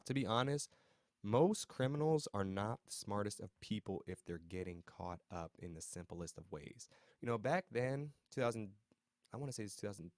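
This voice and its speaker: Recapping a TV episode, this host speaks in a fairly low voice, keeping it loose and chatty with slang and asides aimed at his viewers. Occasional chuckles slip in as he reacts, all captured close and dry with no echo from the room.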